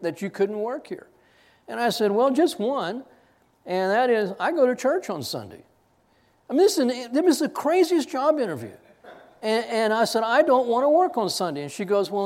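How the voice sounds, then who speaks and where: A man, a preacher telling a personal story in a sermon, self-deprecating and full of restarts. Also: high-pitched. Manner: animated, self-deprecating anecdote with many restarts. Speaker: pastor.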